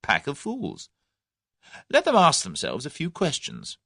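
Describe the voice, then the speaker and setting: A man's voice: a little high, wildly swooping pitch, unhurried, vocal fry, fairly bright tone, breathy edge, dry recording, clean studio sound, pitched above the performer's own voice, full character voice. An actor reading the part of a brash young Englishman who taunts and bluffs his captors. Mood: cocky. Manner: cocky, taunting.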